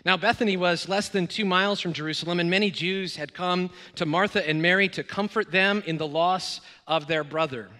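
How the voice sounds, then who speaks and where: A man's voice: high-pitched, a little fast, few pauses. A middle-aged man preaching as a guest pastor, telling stories with many fillers and acted-out dialogue. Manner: warm storytelling with many fillers and quoted dialogue. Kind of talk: sermon. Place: church sanctuary. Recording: long reverb of a church hall.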